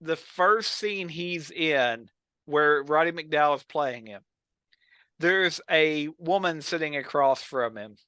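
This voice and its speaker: A man's voice: fairly high pitch, clear, resonant tone, no room sound. A man co-hosting a casual podcast, animatedly retelling old TV scenes. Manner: animated storyteller, acts out quotes. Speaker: podcast co-host. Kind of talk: casual chat about old films and TV.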